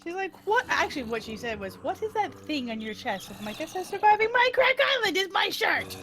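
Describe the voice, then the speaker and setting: High, lively woman streamer telling a giggly story; noisy mic. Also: brisk. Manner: animated, giggly, acts out quotes in voices. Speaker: streamer joining a Minecraft session. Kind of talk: casual storytelling chat.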